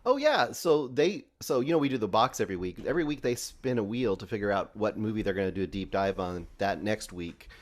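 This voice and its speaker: A man's voice: lowish voice, expressive, brisk, hardly any pauses. A man co-hosting a podcast in casual chat, laughing and self-mocking. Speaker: podcast co-host.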